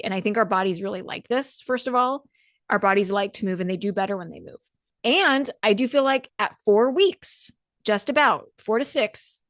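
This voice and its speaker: A woman's voice: mid-range voice, dry recording. Woman dance coach talking on her podcast, encouraging and chatty, dry close mic. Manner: encouraging, conversational, repeats words. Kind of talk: solo podcast coaching talk.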